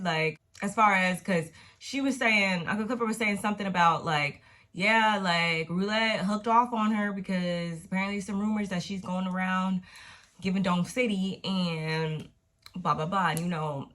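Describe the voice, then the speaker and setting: A woman with a slightly low voice talks through a TV episode in a loose, chatty way. She is slangy and profane, and she acts out the scenes as she retells them. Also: measured pace, fairly bright tone. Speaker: TV recap vlogger. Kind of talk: casual episode recap.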